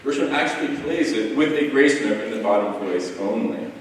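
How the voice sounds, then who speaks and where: A man's voice: medium pitch, normal speed. Man speaking from far off in an echoey hall. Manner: thoughtful, many ums and restarts. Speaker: music editor on a panel. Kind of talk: lecture-style panel talk.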